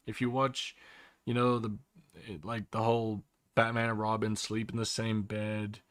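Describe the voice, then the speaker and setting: A man's voice: fairly low pitch, level tone, unhurried, fairly bright tone, no echo, studio quality. A young Australian man chatting casually on a live stream, rambling and opinionated with lots of fillers.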